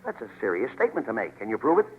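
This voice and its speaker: A man's voice: on the low side, huge pitch swings, rapid-fire. A man playing the indignant, scolding straight man in a 1940s radio comedy double act. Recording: muffled, noisy old radio broadcast.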